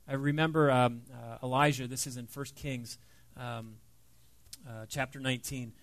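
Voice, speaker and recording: A man's voice: mid-range voice, steady tone, normal speed, no room sound. A middle-aged man giving a conversational, earnest sermon with a personal story, as the pastor. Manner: conversational, earnest, with many fillers and soft dips.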